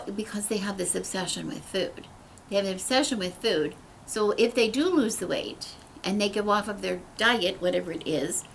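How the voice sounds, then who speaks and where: A woman's voice: mid-range voice, vocal fry, fairly bright tone, slight background noise, rough recording. A middle-aged woman giving a casual, earnest spiritual talk, rambling with many restarts. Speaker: host.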